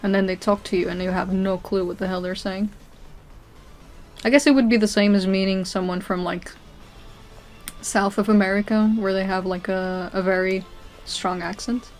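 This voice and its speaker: A woman's voice: medium pitch, flat delivery, normal speed, darkish tone, faint music behind. A young woman from Portugal, a live streamer chatting casually with her viewers while she plays a video game. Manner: chatty, answering chat, often laughing and trailing off.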